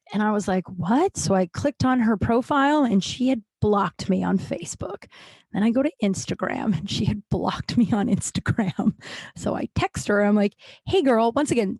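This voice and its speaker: Frank chatty woman telling a story. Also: no room sound. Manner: frank, chatty, acts out quoted people with pitch jumps; profane, lots of likes and restarts. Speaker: podcast host. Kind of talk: candid storytelling monologue.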